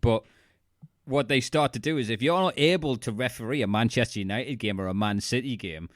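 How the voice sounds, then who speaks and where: A man's voice: mid-range voice, a little fast, dry recording, studio quality. A man co-hosting a casual podcast chat, blunt and swearing freely. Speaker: podcast co-host.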